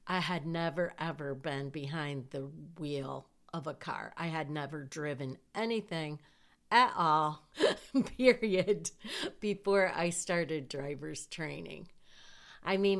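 A middle-aged woman from Michigan telling a casual personal story, self-deprecating and often laughing as she talks. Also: sits low.

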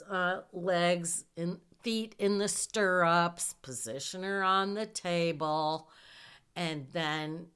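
A middle-aged woman recounts a story from her school days in an unhurried, easy way. Her voice is smooth and clear and sits a little low, and she laughs often while acting out what she said back then. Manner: animated, laughs while telling, acts out her own quotes. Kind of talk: casual personal storytelling.

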